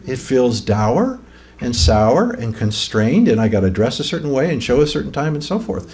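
A man's voice: medium pitch, big pitch swings, normal speed, a little mellow. A man preaching an informal teaching sermon, conversational, often rising to emphatic peaks and asking the room questions. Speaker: pastor.

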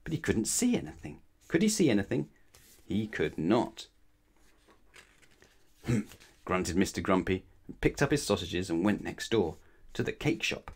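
Expressive man reading a bedtime story. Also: sits low, normal speed, husky. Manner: expressive, asks the listener questions. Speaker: storybook reader. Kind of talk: children's bedtime story read aloud.

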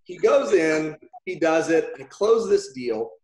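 Animated man telling stories in a roomy echo. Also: on the high side, takes it slowly, a little hiss or hum. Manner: animated, acts out dialogue in voices. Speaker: talent agent telling stories. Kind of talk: storytelling interview.

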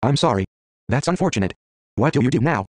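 A man's voice: mid-range voice, lively intonation, fast talker. A man reading an interactive story game aloud, stumbling, restarting, and muttering menu words between lines.

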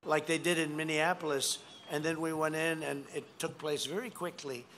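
Older male rally speaker, bright higher voice, rambling emphatic delivery, faint crowd noise behind. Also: fairly even intonation, normal speed. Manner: rambling, emphatic, repeats phrases. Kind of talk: rally speech. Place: outdoor rally.

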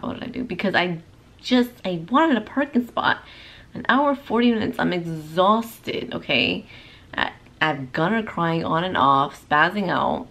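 A woman's voice: low voice, vocal fry, fairly bright tone. Emotional woman vlogging from her car. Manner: rambling, emotional, slips in Spanish words. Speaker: mom vlogger. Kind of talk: emotional personal vlog. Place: in a parked car.

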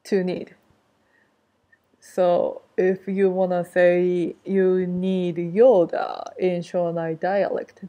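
A woman's voice: lowish voice, steady tone, very slow, dark tone. A woman giving a casual language lesson, explaining step by step and repeating key phrases. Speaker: language teacher.

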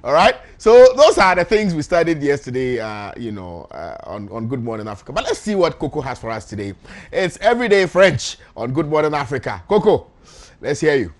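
A man's voice: on the high side, sing-song, brisk. A man hosting a live morning TV show, upbeat and chatty, with many fillers as he reads out contact details. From Ghana. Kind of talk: live TV presenting.

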